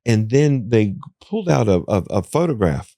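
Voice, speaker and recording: A man with an Appalachian accent, a psychic guest in a studio, telling a story in a rambling way, full of restarts and jumping up high when he quotes people. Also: sing-song, moderate pace, dark tone, no echo. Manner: rambling, with many restarts and "you know"s; voice jumps up high when quoting others. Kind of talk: casual storytelling interview. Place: podcast studio.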